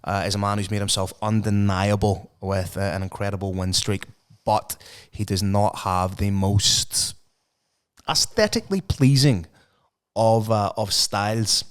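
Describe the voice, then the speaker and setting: A man's voice: on the low side, measured pace, clear, resonant tone. A man co-hosting a podcast, chatting enthusiastically and with swearing about mixed martial arts. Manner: enthusiastic, sweary, previewing fights. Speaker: podcast co-host. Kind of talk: casual chat about MMA.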